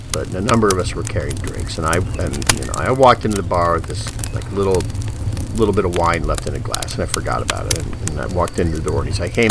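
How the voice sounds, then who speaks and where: A man's voice: low-pitched, background noise. A man telling a casual story and acting out the dialogue. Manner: animated, acts out the dialogue.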